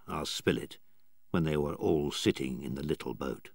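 A man narrating a storybook in a slow, clear and expressive way. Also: rumbling low, no room sound, clean studio sound. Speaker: audiobook narrator.

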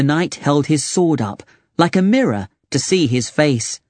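A narrator reading a children's storybook aloud with slow, expressive delivery. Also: mid-range voice, dry recording.

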